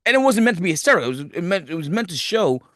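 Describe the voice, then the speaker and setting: A man hosting a podcast, giving a profane, animated movie review rant. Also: high-pitched, rapid-fire, no room sound, clean studio sound. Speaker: podcast host.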